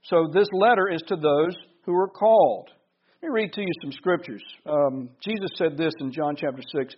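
A man preaching a sermon to a congregation, slowing down to stress key words. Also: on the high side, slightly rough, muffled recording. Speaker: pastor.

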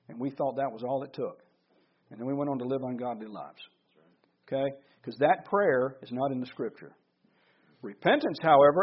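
A man preaching a sermon to a congregation, slowing down to stress key words. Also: on the high side, slightly rough, lo-fi sound. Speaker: pastor.

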